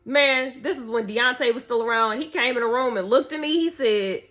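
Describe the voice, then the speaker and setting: A young woman with a fairly high voice tells a story straight to camera. She talks in a loose, animated way, heavy with slang and swearing. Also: normal speed, faint music behind. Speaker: vlogger.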